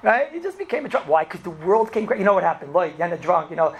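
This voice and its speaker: A man with teaching a class as a rabbi, telling stories in a lively way and often asking "right?". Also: high-pitched, fast, noisy background. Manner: animated, acts out characters, frequent "right?" and "you know". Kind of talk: storytelling Torah class.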